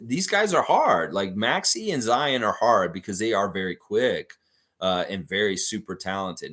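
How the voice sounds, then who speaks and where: Male livestream host with a low voice and lively delivery, chatty, reads out fan comments. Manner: chatty, reads viewer comments aloud and answers them. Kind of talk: casual sports reaction livestream.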